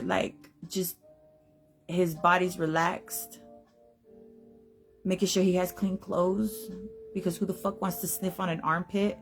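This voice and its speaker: Blunt, foul-mouthed woman ranting. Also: on the low side. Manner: blunt, emphatic, heavy swearing. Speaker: podcast host. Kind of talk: profane opinion rant.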